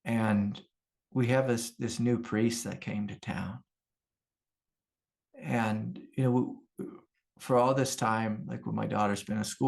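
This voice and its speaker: A man's voice: lowish voice, gravelly, a little mellow. A middle-aged man, a spiritual teacher, telling a story in an earnest, conversational way. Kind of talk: casual storytelling talk.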